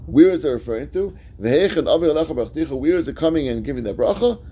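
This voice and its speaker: A man's voice: fairly high pitch, animated, normal speed, mellow, a little hiss or hum. A man teaching a Talmud class, reading each phrase of the text and then explaining it in plain words.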